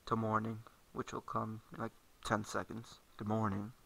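A man's voice: lowish voice, monotone, normal speed, creaky, a bit bright, husky, poor audio. A man giving casual let's-play commentary, rambling and correcting himself as he plays at a computer. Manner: rambling, self-correcting, talks while playing. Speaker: gameplay commentator.

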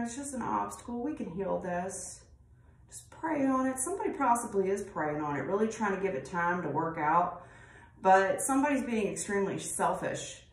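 A woman giving a casual tarot reading, talking bluntly and rambling, with frequent swearing. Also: mid-range voice. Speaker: tarot reader. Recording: roomy, distant mic, faint noise.

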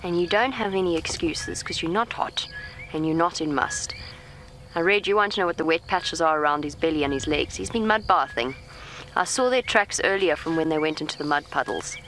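Calm woman coaxing an elephant outdoors. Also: low-pitched, a little fast, rough recording. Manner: calm, coaxing, talks gently to the animal. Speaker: safari guide. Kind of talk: live commentary to viewers while coaxing an elephant. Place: outdoors in a safari vehicle in the bush. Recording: faint outdoor bush noise, insects.

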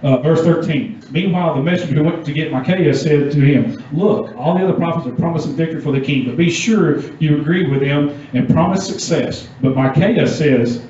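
A man's voice: a little high, brisk, hardly any pauses, a little mellow. Youth preacher, male, conversational, quizzes the room; muffled distant recording in a church hall. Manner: casual, asks the audience questions. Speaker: youth pastor. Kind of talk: youth sermon with scripture reading. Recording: echoey dull room sound from far off.

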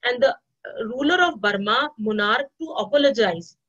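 A woman gives a spoken history lesson, halting and restarting often with many fillers. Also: fairly high pitch, animated, a bit bright. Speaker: history teacher. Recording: dull lo-fi recording.

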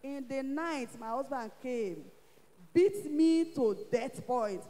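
Nigerian lady testifying in church, high pitched, acts out every quote, big hall echo. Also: slow pace. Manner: animated storytelling, acting out quoted speech.

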